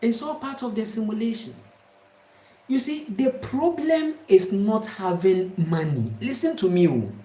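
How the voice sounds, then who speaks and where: Slow-talking woman preaching. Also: mid-range voice, lively intonation, warm tone. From Ghana. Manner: emphatic, repetitive, preaching. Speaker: spiritual speaker. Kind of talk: spiritual talk to viewers. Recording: roomy echo.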